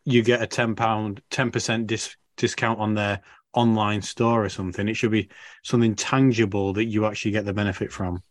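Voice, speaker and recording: A man from the North West of England, co-hosting a podcast, blunt and sweary and quick to laugh. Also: on the low side, level tone, no room sound, studio quality. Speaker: podcast co-host. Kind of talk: casual banter.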